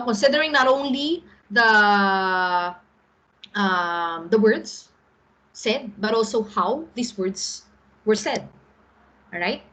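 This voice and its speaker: Husky-voiced Filipino woman teacher, patient. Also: fairly high pitch, pushed and bright, low-quality recording. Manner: explains patiently, often checks in with "all right?". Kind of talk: online class lecture.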